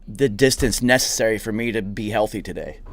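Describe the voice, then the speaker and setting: Young male podcast host, low voice, loose profane storyteller. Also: fairly quick, a bit bright, a little hiss or hum. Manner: profane, rambling anecdotes with laughs. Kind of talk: casual storytelling.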